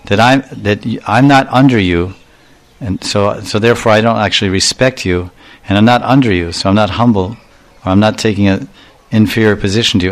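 A man giving a devotional lecture, telling stories and acting out quoted speech, often repeating and correcting himself as he goes. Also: medium pitch. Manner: storytelling, acts out quoted speech with voice changes; repetitive, self-correcting phrasing. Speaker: spiritual lecturer.

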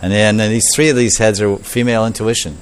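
Animated male preacher telling a story. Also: on the low side, fast, slight background noise. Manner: animated, repetitive, acts out voices. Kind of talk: storytelling sermon.

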